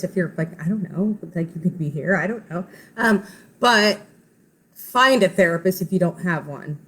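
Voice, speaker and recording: A middle-aged woman, a therapist, chatting casually and a bit self-deprecatingly to viewers on a live stream, swearing now and then. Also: mid-range voice.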